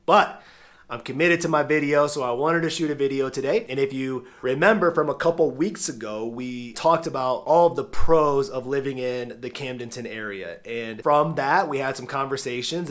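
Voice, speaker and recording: A man with a head cold talks to his viewers in a relaxed, chatty vlog. His voice is stuffy and nasal, and his pitch sits in a middle range. He keeps it friendly and informal throughout. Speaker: vlog host.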